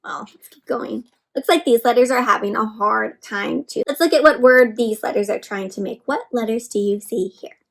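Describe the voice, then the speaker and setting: Woman, high voice, animated read-aloud for kids, sounds out letters, quizzes listeners. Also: vocal fry, poor audio. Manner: animated, asks questions, sounds out letters slowly. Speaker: children's story reader.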